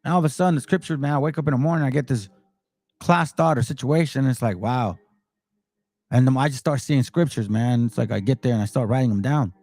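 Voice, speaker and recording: A man's voice: medium pitch, fast, a little mellow, no room sound. A man hosting a Bible channel, talking bluntly and with fire. He mixes casual commentary with scripture read aloud. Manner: blunt and direct; fiery, emphatic.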